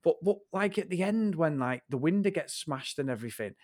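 A man's voice: a little high, expressive, fairly quick, darkish tone, dry recording, clean studio sound. A man co-hosting a casual film review podcast, blunt and sweary as he rants about a bad movie. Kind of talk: casual chat.

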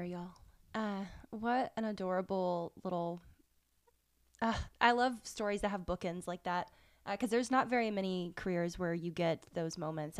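Woman podcast host asking questions. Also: on the low side. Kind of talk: casual interview.

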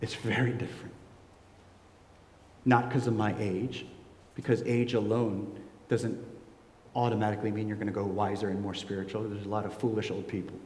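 A man in his forties preaching a sermon as pastor, swinging from soft low asides to loud, high emotional peaks. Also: flat delivery, normal speed, long pauses, slight background noise. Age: 40s. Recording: echoey hall with long reverb.

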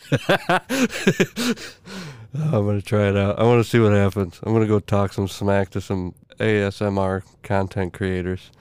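A man's voice: fairly low pitch, flat delivery, unhurried, long pauses, a little mellow, smooth, no echo. A man hosting a podcast, delivering a crude, irreverent comedic monologue full of swearing. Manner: profane, irreverent, joking. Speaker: podcast host.

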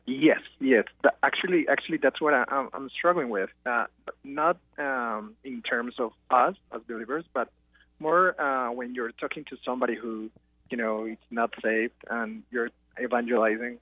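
A man's voice: mid-range voice, no echo. Hesitant male caller on a tinny phone line. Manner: hesitant, halting with fillers. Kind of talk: phone-in question.

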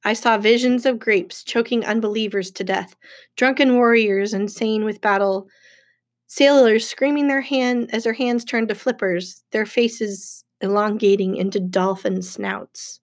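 A woman narrates a first-person novel with steady, even storytelling. Her voice sits at a middle pitch for a woman. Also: unhurried. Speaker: audiobook narrator.

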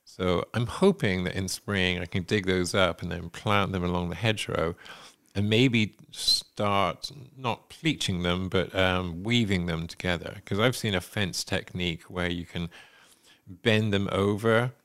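Male co-host, very deep voice, easygoing and agreeable, casual talk. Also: unhurried. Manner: relaxed, many backchannel agreements. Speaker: podcast co-host. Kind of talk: casual chat.

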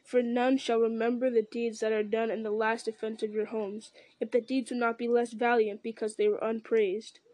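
A stern, resolute lord speaks gravely and with measure, voiced by a woman reading a story aloud. The voice sits fairly high and stays flat in pitch. The sound is dry and close. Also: moderate pace, hardly any pauses, no room sound, natural voice, rough recording.

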